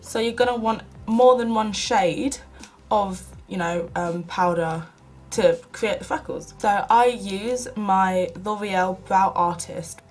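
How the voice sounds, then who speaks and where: A woman's voice: mid-range voice, takes it slowly, poor audio. A young woman from the UK chatting casually through a makeup tutorial, self-mocking and often half-muttering to herself. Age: young adult. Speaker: beauty vlogger.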